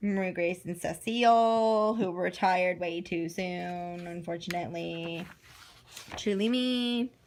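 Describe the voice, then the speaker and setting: A woman's voice: fairly low pitch, takes it slowly, a little mellow. Chatty woman vlogger reading aloud. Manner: chatty and gushing, with frequent asides and self-corrections. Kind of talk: casual chat while reading aloud from a book.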